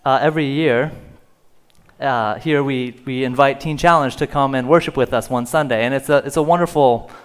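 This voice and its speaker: A male pastor preaching a sermon in church, telling a story with conversational fillers and growing louder at its dramatic moments. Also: mid-range voice, moderate pace, smooth. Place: church sanctuary.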